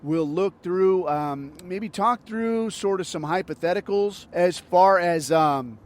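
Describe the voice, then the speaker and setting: Ranting, profane man with a raised pitch. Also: slow. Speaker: podcast host. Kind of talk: profane political monologue.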